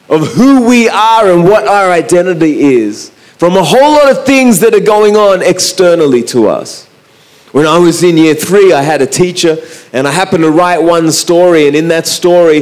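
An Australian man gives a storytelling talk into a microphone, relaxed and anecdotal. His voice sits a little on the higher side for a man. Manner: relaxed, anecdotal, with frequent "uh" and restarts. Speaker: speaker.

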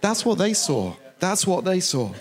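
Preacher repeating phrases for emphasis. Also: male voice, high-pitched, sing-song, measured pace. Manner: jokes with the congregation. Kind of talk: sermon.

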